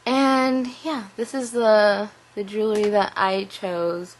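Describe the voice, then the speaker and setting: A young adult woman telling a story to camera in a casual vlog, animated and full of "like" fillers. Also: mid-range voice, slow pace, low-quality recording. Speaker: vlogger.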